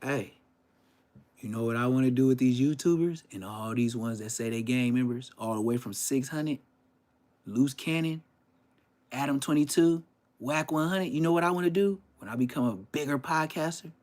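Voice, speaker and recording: A man hosting his podcast in a loud, rambling, profane rant. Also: medium pitch, moderate pace. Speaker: podcast host. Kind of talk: casual ranting podcast monologue.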